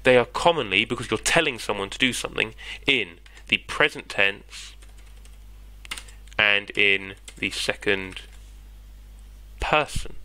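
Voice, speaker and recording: Patient and conversational, a British tutor explains grammar online, often pausing and checking with his listener by saying "yeah?". His voice is fairly low, sharp, and animated yet unhurried, captured in a low-quality recording.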